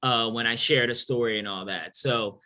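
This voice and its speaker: Bright-voiced animated storytelling man. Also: medium pitch, moderate pace. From New York City. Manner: animated, joking, acts out quoted voices. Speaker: author and thru-hiker guest. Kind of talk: casual storytelling Q&A.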